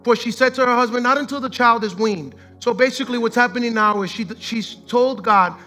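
A male pastor preaching a sermon with passion and casual slang, swinging between shouted declarations and hushed scripture reading. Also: very high voice, fairly even intonation, quick pace, faint music behind, low-quality recording.

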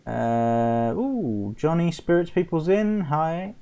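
Man, stream host, smooth clear voice, casual chatty delivery, video call mic. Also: fairly high pitch, animated, dark tone. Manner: chatty, fills pauses with humming syllables. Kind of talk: casual live stream chat.

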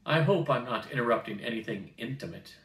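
A man doing a gruff, barking flight captain. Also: medium pitch, expressive, brisk, a bit bright, natural voice. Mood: stern. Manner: curt, barking commands. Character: gruff older male flight instructor, stern captain. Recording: roomy, distant mic.

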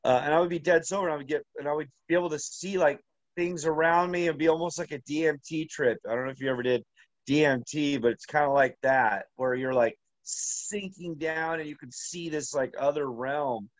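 A man's voice: a little high, dry recording. Rambling man telling a spooky story. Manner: rambling, halting, full of "like" and restarts. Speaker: interview guest. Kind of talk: casual storytelling.

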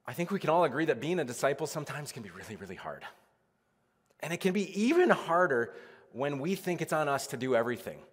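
A man's voice: on the high side, sing-song, fast, breathy edge. A male pastor giving a casual, conversational sermon, full of "like"s and acted-out quotes. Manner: casual, chatty preaching with many "like"s and acted-out quotes. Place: church sanctuary. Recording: reverberant church sanctuary.

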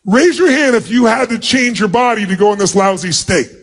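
A man leading a big seminar, loud and commanding, acting out quick little scenes for a large audience in an arena. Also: high voice, lively intonation. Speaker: motivational speaker.

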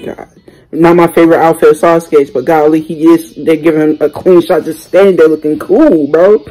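A young man hosting a reaction video, talking casually and excitedly in slang, exclaiming and chatting as he watches. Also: a little high, normal speed, faint music behind, poor audio. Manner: exclamatory, slangy, keeps saying "bro".

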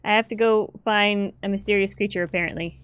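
A woman gamer giving playful let's play commentary, swearing now and then and breaking into excited squeals. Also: medium pitch, brisk, smooth, no echo. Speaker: gamer playing a story game.

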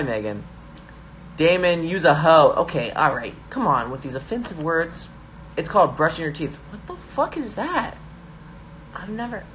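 Young male streamer, slightly high voice, hyper and jokey, phone mic with faint room hiss. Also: sharp tone. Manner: hyper, joking, reads viewer comments aloud. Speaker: YouTuber hosting a live stream. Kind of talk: casual live-stream chat.

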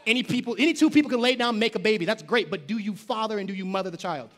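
A male pastor preaching a lively sermon in a church, shouting call-and-response lines and dropping slangy jokes and asides. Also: high voice, racing. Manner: casual slangy asides and joking. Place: church sanctuary.

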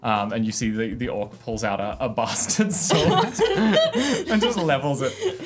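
Halting male game master. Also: mid-range voice, very animated, over loud music. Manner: halting, many fillers and restarts. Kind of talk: narrating a tabletop game.

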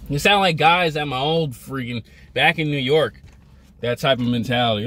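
A man's voice: on the high side, lively intonation, moderate pace, fairly bright tone. A young man vlogging a motivational rant, emphatic, repetitive and scolding.

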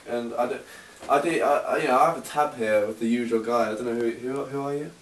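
A man's voice: medium pitch, fast. A bemused man stammers and trips over his words as a puzzled customer. His voice comes from a distant camera in a roomy space. Faint hiss sits under the audio. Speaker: bar customer in a sketch. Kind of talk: amateur comedy sketch acting.

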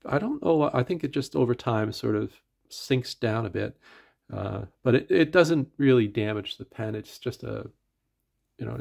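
Gravelly Atlantic Canadian man, rambling. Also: mid-range voice. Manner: rambling, hesitant, many fillers and restarts. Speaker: pen reviewer. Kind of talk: casual product review.

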